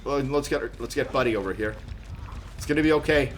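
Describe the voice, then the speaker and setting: A man streaming a horror game live, chatting with viewers and teammates, quick to laugh and yelp in surprise. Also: mid-range voice, heavy background noise. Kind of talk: live gameplay commentary.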